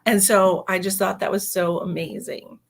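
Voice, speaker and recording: A woman's voice: medium pitch, fairly even intonation, moderate pace, creaky. A woman in her forties, a psychic medium, telling a story in a chatty way on a livestream and often saying "you know". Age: 40s.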